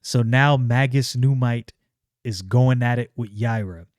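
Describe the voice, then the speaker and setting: A man reading a comic aloud and chatting about it, reacting freely as he goes. He talks slowly and easily. The sound is dry and close. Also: mid-range voice, no room sound. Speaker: comic reader and commentator.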